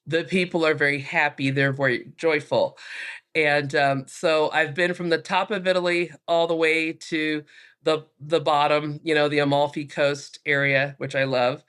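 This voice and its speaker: Bright-voiced animated woman storyteller. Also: low voice, moderate pace, clean tone. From United States. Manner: animated, acts out voices in her stories. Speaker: guest, author. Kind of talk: storytelling interview.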